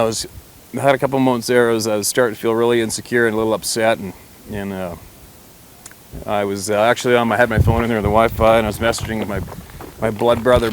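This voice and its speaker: A man's voice: medium pitch, a little hiss or hum. A man telling a personal story to camera in a rambling, blunt way, with mild swearing and frequent restarts.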